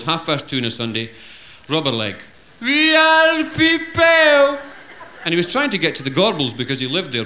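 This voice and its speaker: A man with a Scottish accent from the East Coast, telling jokes on stage and slipping into high-pitched character voices. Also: bright, forceful tone, reverberant, slight background noise. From Scotland, East Coast. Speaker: stand-up comedian. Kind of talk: stand-up storytelling with character voices.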